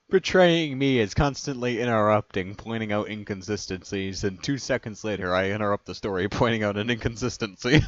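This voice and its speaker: Sarcastic man reader, lowish lively voice, dull dry lo-fi recording. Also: moderate pace. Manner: sarcastic, laughs at his own remarks. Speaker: reader and commenter. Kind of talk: reading fan stories aloud with commentary.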